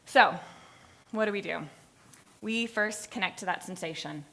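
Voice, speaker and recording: Woman giving an animated class presentation. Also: medium pitch, a little slow, gravelly. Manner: animated storytelling, acting out moments; laughs at her own stories. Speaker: student presenter. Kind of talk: lively capstone presentation.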